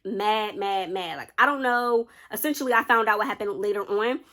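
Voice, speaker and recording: A young woman vlogger telling a personal story in a chatty, animated way, often speaking straight to her viewers. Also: medium pitch, moderate pace. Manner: chatty, animated, keeps addressing viewers directly. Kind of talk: casual storytime narration.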